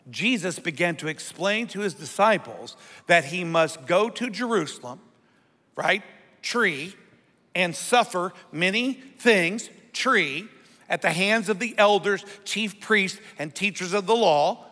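A man preaching to his congregation in a high, bright voice, drawing call-and-response from them as he goes. His sermon rings through a hall with a long reverb. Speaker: pastor.

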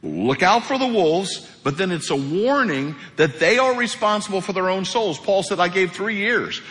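Animated male pastor preaching in reverberant hall. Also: high voice, normal speed. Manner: animated, emphatic preaching with asides. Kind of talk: sermon. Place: church sanctuary.

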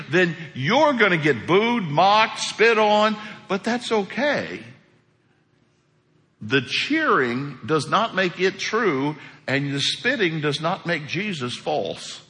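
A man preaching a sermon as pastor, animated, acting out quotes as he preaches. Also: high voice, takes it slowly. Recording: echoey hall.

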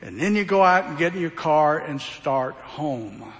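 A man with a slightly high, fairly bright, expressive voice preaches unhurriedly through the Bible verse by verse. His folksy sermon poses rhetorical questions to the congregation, and the recording carries the reverb of a hall.

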